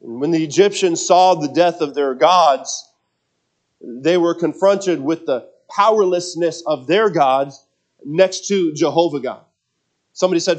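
A man's voice: fairly high pitch, a little slow. A man preaching a sermon, earnest and emphatic, often repeating words as he restarts his thoughts.

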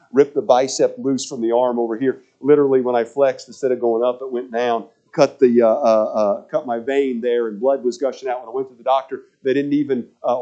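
A man's voice: medium pitch, warm tone. A man preaching a sermon, telling stories with lots of repetition and stumbling restarts. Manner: storytelling with repetition and frequent stammered restarts.

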